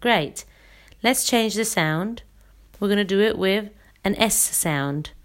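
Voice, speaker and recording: Slow, calm woman teaching breathing. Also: mid-range voice. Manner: slow, calm, instructive, counts and demonstrates. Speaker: singing teacher. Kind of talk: guided breathing exercise lesson.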